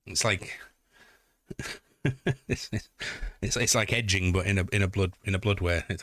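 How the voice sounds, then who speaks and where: A man's voice: sits low, steady tone, normal speed, long pauses, fairly bright tone, no room sound. A man with a Yorkshire accent, chatting casually on a live stream, joking and swearing as he reads out chat messages. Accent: Yorkshire (Hull). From Yorkshire, England.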